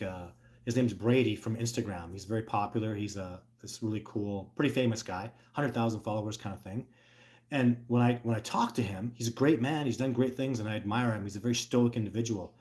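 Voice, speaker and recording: A middle-aged man hosting a casual livestream, talking earnestly and rambling, with lots of restarts and filler words. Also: medium pitch. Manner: bursts into loud excited put-on exclamations. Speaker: host.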